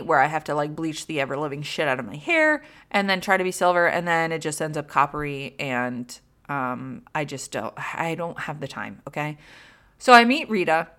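Woman podcast host, lowish voice, candid casual rambling with curse words. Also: a bit bright. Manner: rambling, filler-heavy, frequent swearing; candid, self-deprecating storytelling. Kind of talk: casual chat.

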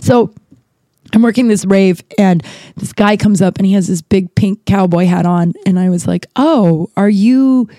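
Young woman just chatting away, lots of likes and swearing, mellow voice, dry mic. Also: medium pitch, measured pace, no room sound. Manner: chatty, rambling, profane, frequent "like" fillers. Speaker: podcast host. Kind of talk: casual storytelling.

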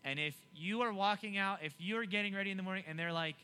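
A young man preaching a youth sermon, animated and emphatic, often repeating himself to keep listeners engaged. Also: high voice, fast talker, smooth. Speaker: youth pastor.

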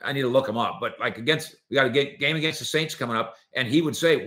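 A man hosting a sports opinion show, talking in an animated, sarcastic way and acting out quotes from players and coaches. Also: mid-range voice, fast, hardly any pauses.

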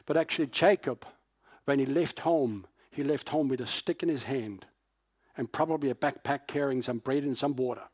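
A man's voice: mid-range voice, moderate pace, a little mellow, breathy edge, no echo, clean studio sound. A man preaching a sermon, retelling a story with acted-out quotes and frequent fillers. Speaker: pastor.

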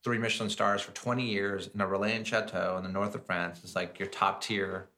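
A man, a chef and guest on a podcast, telling his stories in a casual, animated way with plenty of fillers. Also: on the low side, brisk. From United States. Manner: animated, lots of fillers and acted-out quotes. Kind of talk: casual storytelling chat.

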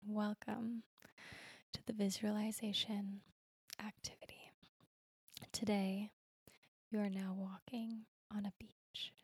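A woman voicing a soft-spoken meditation guide in a whispered role-play, her voice soft and slow, recorded on a studio mic in a room at home. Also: medium pitch, flat delivery, breathy edge, exaggerated voice. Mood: soothing. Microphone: studio mic in front of face.

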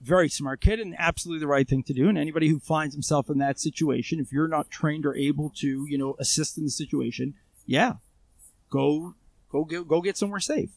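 Telling his story as a guest, a man who served as an armed civilian responder in Israel talks fast in a slightly high, gravelly, creaky voice with fairly even intonation. He's loose and conversational, full of fillers and restarts, and the close recording is dry.

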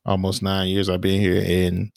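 A man co-hosting a podcast, telling stories in a relaxed, casual way with lots of fillers and restarts. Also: sits low, moderate pace, gravelly, smooth, dry recording, clean studio sound. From small town in the US. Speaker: podcast co-host. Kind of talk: casual chat.

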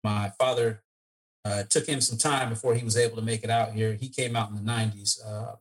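A man from Eritrea, a guest attorney on a podcast, explaining things in a measured way with frequent pauses. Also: on the low side, little pitch movement. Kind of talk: interview answers.

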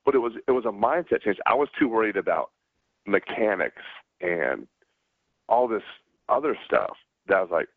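A middle-aged man with a Southern US accent, a guest in a casual interview, telling stories in a halting way with many restarts. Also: on the low side, expressive, no room sound. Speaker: guest, former pro pitcher. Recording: dry, tinny phone-like line.

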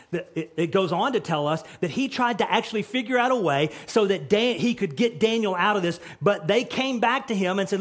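A man's voice: high voice, animated, brisk. A man preaching a sermon who retells scripture dramatically and acts out its dialogue. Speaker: pastor.

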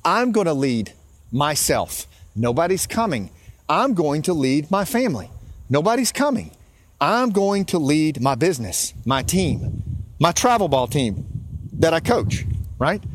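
A fairly high-pitched, sing-song male voice, a little slow, comes with a slight hiss or hum. The speaker, a podcast host in his fifties, walks outdoors in a small river town, talking earnestly and emotionally in a casual monologue that builds to passion.

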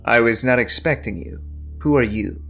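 A man voicing a gaunt, older baron who speaks in a formal, measured way. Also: medium pitch, vocal fry, a bit bright, faint music behind. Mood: cool.

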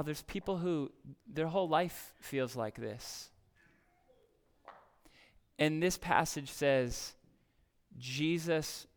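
A man's voice: on the high side, clean tone. A man preaching a sermon as a pastor, reading scripture emphatically and asking the congregation questions.

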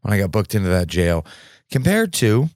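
A man hosting a podcast, speaking reflectively in a halting, restarting way. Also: lowish voice, very animated, a little mellow, dry recording, clean studio sound. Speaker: podcast host. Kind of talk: casual conversation.

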